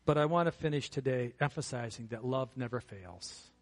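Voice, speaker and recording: A man's voice: medium pitch, moderate pace. A middle-aged man preaching a sermon in a church, earnest and building to fervent emphasis. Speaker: pastor.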